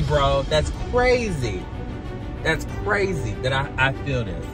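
A man vlogging in casual chat from his parked car, excitable and full of slang, with the hiccups. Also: a little high, takes it slowly, over music. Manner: excitable slang-heavy talk with many restarts.

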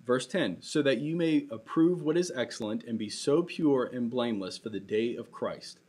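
A man's voice: medium pitch, normal speed, darkish tone, husky. Young male pastor, laid-back storytelling sermon, mid-range voice. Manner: casual, conversational preaching with storytelling.

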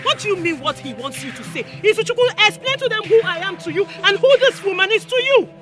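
A composed but demanding fiancée. She speaks formally and presses hard with questions, her high voice rising and falling a lot. Clear film music sits underneath. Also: lively intonation, fast talker. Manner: firm, questioning, politely formal. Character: poised city fiancée, demanding answers.

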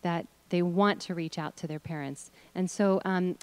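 A woman's voice: fairly low pitch, steady tone, moderate pace, a little mellow, no room sound. A middle-aged woman leading an audience through voice exercises, encouraging them and demonstrating with hums, chants and sung notes. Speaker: workshop leader.

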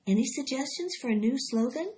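A wise female barn spider speaks calmly and precisely, as a woman reads her aloud. She sounds fairly high and in charge. The recording is dull and lo-fi. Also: a little fast. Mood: firm.

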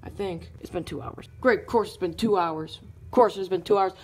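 A bored, bratty plush troublemaker, as a woman puts it on, mutters in a flat, mumbly drawl, teasing and unbothered. A lower, lazier voice for a toy skit. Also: a little fast, a little hiss or hum, natural voice.

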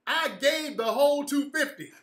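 A man's voice: very high voice, normal speed, a bit bright, roomy sound. A man hosting his own show, telling a story in a casual, profane, mocking way and often laughing at it. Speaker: podcast host.

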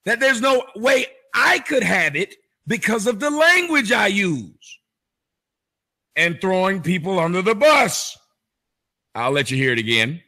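A male host comments on a clip he replays, mocking and joking, now and then stretching words into sing-song. His pitch sits high and swings all over, and his tone is bright and forceful. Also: big pitch swings, slow. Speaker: show host. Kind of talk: mocking commentary on played clips.

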